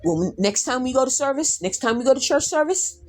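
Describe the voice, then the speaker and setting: Loud, animated middle-aged woman storyteller. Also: high-pitched, brisk, soft background music. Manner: animated, loud, addresses listeners directly, swears. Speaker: podcast host. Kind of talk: casual storytelling.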